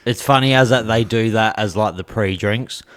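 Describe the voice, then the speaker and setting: Low-voiced male host, short probing questions. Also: normal speed, fairly bright tone. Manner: short, curious prompting questions. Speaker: podcast host. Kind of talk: casual interview.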